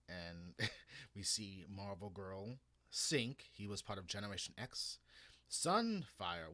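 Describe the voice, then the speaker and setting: Low-voiced man rambling about comics. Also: sharp tone. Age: 30s. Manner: rambling, frequent restarts and swearing. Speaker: comics vlogger. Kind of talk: casual opinion monologue.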